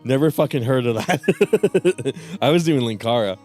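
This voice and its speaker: A man's voice: medium pitch, animated, a little slow, a little mellow, soft background music. A man streaming a game live, chatting casually with profane, laughing asides. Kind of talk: casual live gaming commentary.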